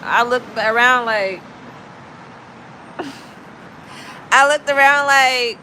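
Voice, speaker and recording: A woman from Chicago chatting to her live stream, telling blunt, animated stories in a casual, gossipy way. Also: on the high side, drawn-out words, slight background noise, low-quality recording. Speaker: livestream host. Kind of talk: casual storytelling to live chat.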